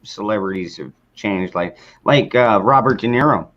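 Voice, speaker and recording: A man's voice: lowish voice, moderate pace, lo-fi sound, background noise. A man hosting a casual late-night livestream chat, laid-back and swearing freely, greeting viewers in the chat. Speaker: livestream host.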